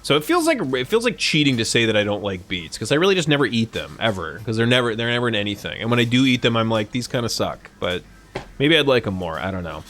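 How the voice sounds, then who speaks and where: A young man live streaming, chatting casually with viewers, animated and swearing freely. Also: fairly low pitch, fast talker, faint music behind. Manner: animated, swearing, laughing at his own jokes.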